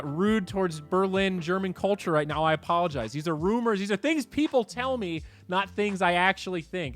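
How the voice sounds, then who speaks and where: A man hosting a casual livestream chat, animated and swearing, moving between low mutters and excited outbursts. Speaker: streamer host.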